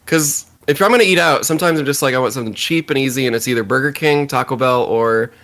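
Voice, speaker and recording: A man co-hosting a casual band podcast, animated and quick to laugh, often restarting his sentences. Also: mid-range voice. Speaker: podcast co-host, band member. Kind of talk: casual chat.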